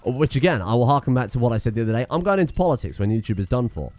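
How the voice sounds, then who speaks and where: A man's voice: mid-range voice, animated, rapid-fire, a little mellow, dry recording. A man giving casual let's-play commentary, rambling, self-mocking and swearing freely as he plays. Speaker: gaming streamer.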